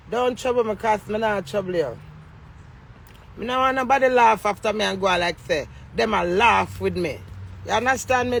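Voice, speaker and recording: Middle-aged Jamaican woman, gravelly and defiant, swears freely in a loose, emotional vlog monologue. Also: mid-range voice, slight background noise. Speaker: vlogger.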